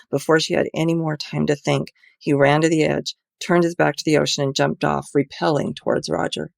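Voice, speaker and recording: A woman's voice: low voice, vocal fry, no echo, studio quality. A woman author reading her own mystery novel aloud in an earnest, amateur way.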